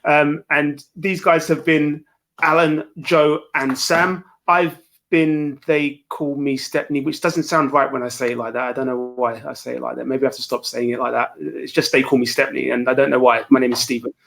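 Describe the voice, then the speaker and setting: A man's voice: mid-range voice, steady tone, fairly quick, gravelly, fairly bright tone. A man hosting a casual interview, chatty and rambling, with many fillers. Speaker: podcast host.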